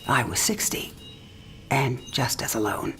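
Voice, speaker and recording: A dying mother in her sixties with a low, dusky voice. She talks in a breathy, half-whispered way, teasing and frank. This is a video game cinematic. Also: unhurried, fairly bright tone, faint music behind, exaggerated voice. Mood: tender. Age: 60s.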